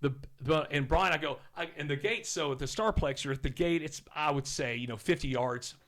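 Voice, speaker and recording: A man in his fifties from Oklahoma, a podcast guest telling rambling stories in a casual, animated way and swearing now and then. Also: fairly high pitch, a little fast. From Oklahoma, USA. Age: 50s. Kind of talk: casual storytelling.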